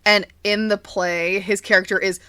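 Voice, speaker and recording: A woman's voice: medium pitch, flat delivery, normal speed, bright, forceful tone, clear, resonant tone, no room sound. A young woman co-hosting a podcast in casual chat, gushing and laughing often, swearing casually. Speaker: podcast co-host.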